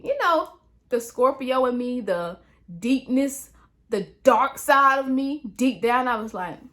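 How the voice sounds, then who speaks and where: Animated, high-voiced young woman telling a story. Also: unhurried, soft background music. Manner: animated, slangy, addresses viewers as honey and y'all. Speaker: YouTuber. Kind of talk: story time vlog.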